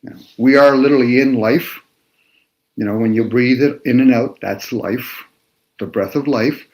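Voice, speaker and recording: A man with a middle-range voice talking through his views in a casual discussion. He lectures at an unhurried pace, turning words over to pull new meanings out of them. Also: medium pitch, darkish tone, rough recording. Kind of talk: casual philosophical chat.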